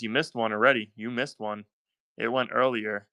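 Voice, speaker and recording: A man's voice: medium pitch, steady tone, moderate pace, sharp tone, smooth, no room sound. A man with a Southern US accent hosting a live-stream coin auction, talking in upbeat, chatty selling patter and thanking buyers by name.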